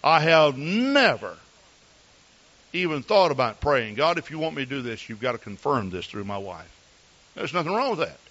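A man's voice: on the high side, sing-song, moderate pace, a bit bright, muffled recording. A man preaching as a pastor, telling folksy, earnest stories about his wife to his congregation. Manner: folksy, storytelling, earnest asides. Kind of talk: sermon with personal stories.

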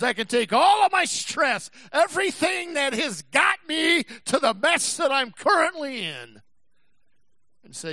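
A man with a very high, bright voice preaches to his church, his pitch leaping around. He swings from shouting to quiet, dragging out his words slowly for emphasis. The sound is dry and close. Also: sing-song, no echo. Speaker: pastor. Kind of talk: sermon.

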